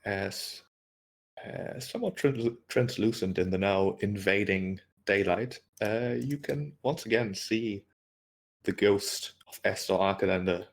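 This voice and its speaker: A man's voice: lowish voice, a little slow. A man narrating as game master in a tabletop game, describing scenes hesitantly with frequent fillers and restarts.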